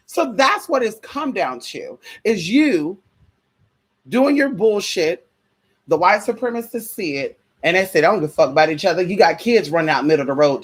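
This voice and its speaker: A woman's voice: lowish voice, slightly rough. A woman ranting to her viewers in a heated, profane, sassy way, repeating rhetorical questions. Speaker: vlogger.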